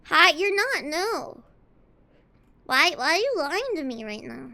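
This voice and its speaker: A woman streamer chatting casually with her viewers from a home setup on a desk mic, rambling, teasing and dramatic, swinging between loud and quiet. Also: sits high, sing-song, takes it slowly, gravelly, long pauses. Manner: rambling, playful and teasing toward chat. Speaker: VTuber streamer.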